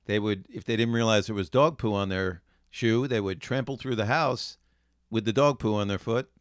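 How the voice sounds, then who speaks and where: A man co-hosting a podcast talks in a loose, easygoing way, leaning on fillers as he explains. His voice is smooth and fairly low, recorded close and dry with no room sound around it. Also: moderate pace, no echo. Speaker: podcast co-host. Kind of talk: casual chat.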